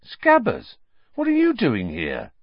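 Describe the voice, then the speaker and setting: A man's voice: fairly high pitch, huge pitch swings, takes it slowly, gravelly, no echo, highs cut off, pitched above the performer's own voice, full character voice. A man voicing a blunt, easily flustered teenage wizard boy who exclaims in disbelief, in a storybook reading. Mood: incredulous.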